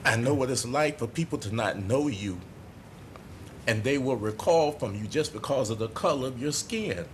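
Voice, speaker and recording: A middle-aged man giving a tearful, impassioned speech as a city commissioner at a council meeting, halting and apologetic. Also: mid-range voice, lively intonation, a little hiss or hum. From United States.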